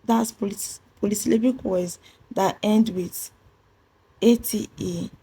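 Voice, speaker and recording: A woman with a Nigerian English accent teaches a pronunciation lesson in a methodical way, spelling words out letter by letter and repeating her main points. Her voice is gravelly and husky, with a dark, mellow tone. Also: medium pitch, measured pace. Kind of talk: classroom-style pronunciation lesson.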